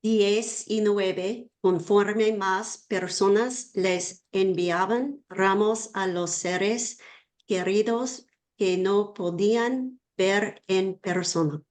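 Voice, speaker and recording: Woman student reading Spanish slowly. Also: mid-range voice, darkish tone. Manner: reads Spanish aloud slowly, sounding out words.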